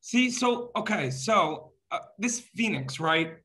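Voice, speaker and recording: Effusive, fairly high-voiced male host. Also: lively intonation, slow, sharp tone, breathy edge. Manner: effusive, praising, talks up the platform. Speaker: interview host. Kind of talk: enthusiastic interview hosting.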